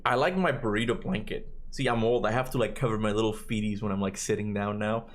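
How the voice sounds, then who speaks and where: A man's voice: on the low side, steady tone, fast talker. A man in his thirties, not a native English speaker, chatting casually on a livestream, rambling and tagging his points with questions, his voice cracking now and then. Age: 30s. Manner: rambling, tags questions with "right?". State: occasional voice cracks. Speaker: streamer.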